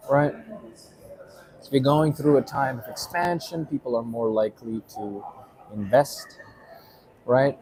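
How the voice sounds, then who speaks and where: A man's voice: medium pitch, steady tone, unhurried, pauses often, a little mellow, low-quality recording. A man giving a casual explainer monologue, rambling with many fillers and tagging points with "right?". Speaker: vlogger.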